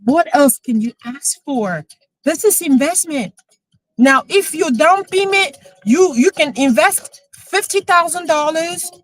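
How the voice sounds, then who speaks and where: A woman, a real estate coach chatting emotionally on a live stream, excited as she talks. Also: high-pitched, measured pace, no room sound, low-quality recording. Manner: excited, emotional, switching into French.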